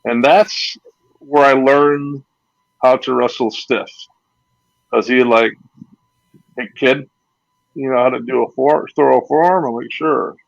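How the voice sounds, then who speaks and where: Veteran male wrestler spinning loose anecdotes; gravelly, dry, slightly muffled recording. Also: medium pitch, fairly even intonation, takes it slowly, long pauses, dry recording. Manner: rambling anecdotes with acted-out quotes and laughs. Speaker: retired pro wrestler, guest. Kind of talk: casual storytelling interview.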